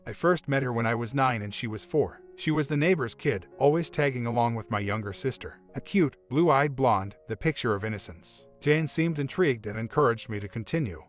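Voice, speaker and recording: Calm man narrating a story. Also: mid-range voice, brisk, hardly any pauses. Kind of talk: scripted first-person story narration. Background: faint music.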